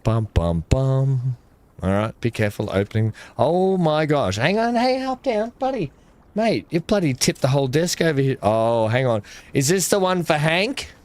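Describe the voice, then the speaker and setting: A man's voice: medium pitch, expressive, moderate pace, darkish tone. A man chatting casually while unboxing gifts, muttering asides and talking to his dog. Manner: muttering asides, frequent throat clearing. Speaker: gaming video creator.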